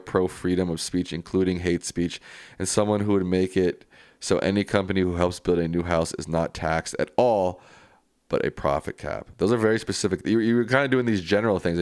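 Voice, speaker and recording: A man's voice: low-pitched, smooth, dry recording, clean studio sound. A man hosting a live stream, reading viewer comments aloud and answering them in a casual, plainspoken way.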